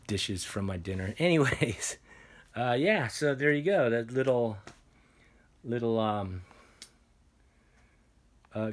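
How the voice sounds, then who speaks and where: A man casually telling a story and showing off his guitars at home, rambling and animated. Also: medium pitch, echoey room. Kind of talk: casual storytelling and show-and-tell. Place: room at home, guitar workshop.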